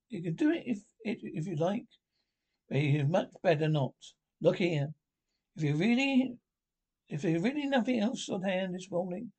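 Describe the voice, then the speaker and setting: A man's voice: high voice, darkish tone. A man voicing a cheerful, dreamy male water rat in a storybook reading, speaking eagerly in a raised, exclaiming voice.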